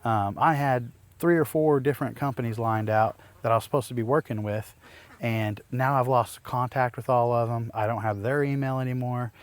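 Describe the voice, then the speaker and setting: A man, possibly in his thirties, tells a personal story straight to the camera as a homestead vlogger. He rambles with many restarts and fillers, exasperated as he recounts what happened. His pitch sits in an ordinary middle range. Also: fairly even intonation, normal speed. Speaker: homesteading YouTuber.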